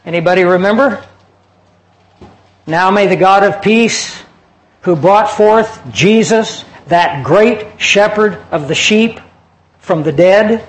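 A man preaching a sermon, earnestly explaining scripture and dropping his voice low for personal stories. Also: slow pace, low-quality recording. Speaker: pastor.

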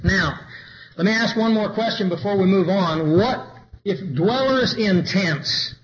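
A man's voice: sits high, measured pace, muffled recording. A man preaching a sermon, reading scripture aloud and rising into emphatic declamation. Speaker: pastor.

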